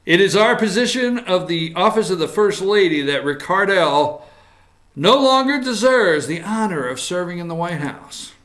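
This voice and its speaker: Bright, high-pitched joking talk host. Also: male voice, normal speed. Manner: animated, joking, reads headlines aloud. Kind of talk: casual political commentary.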